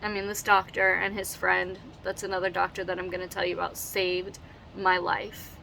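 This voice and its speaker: Tearful gravelly-voiced woman. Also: fairly low pitch, flat delivery, sharp tone, a little hiss or hum. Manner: earnest, emotional, halting with restarts. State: tearful, holding back crying. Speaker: vlogger telling her own story. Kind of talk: personal storytelling to camera.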